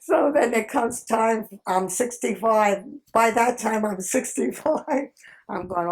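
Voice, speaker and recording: A woman in her nineties telling old work stories in an interview, lively and full of laughter. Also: a little high, takes it slowly. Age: 90s. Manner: animated, acts out quoted people, frequent laughs. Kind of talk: reminiscing storytelling.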